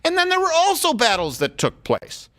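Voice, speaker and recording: A man hosting a talk show, giving opinionated comedic commentary in a sarcastic, animated way that slips into acted-out dialogue. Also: very high-pitched, normal speed.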